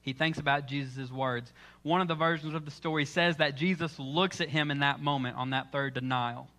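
A man's voice: a little high, fairly even intonation, moderate pace, bright, forceful tone. A man preaching a sermon in church, telling the story with dramatic, acted-out lines. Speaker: pastor.

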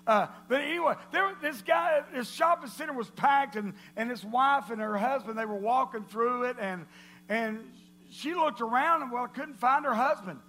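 A man with a notably high voice tells jokes to a church congregation. His delivery is playful and animated, building stories toward punchlines. There is a faint hum behind him. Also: moderate pace. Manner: playful, animated storytelling with laughter.

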